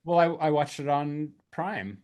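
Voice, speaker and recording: A man's voice: a little high, animated, unhurried, darkish tone. A man co-hosting a podcast in casual chat, rambling and searching for words. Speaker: podcast co-host.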